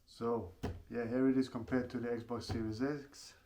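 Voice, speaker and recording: A man's voice: mid-range voice, level tone, moderate pace, warm tone, slight background noise. A man doing a casual product unboxing at home in his apartment, speaking plainly and often restarting his phrases. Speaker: tech reviewer.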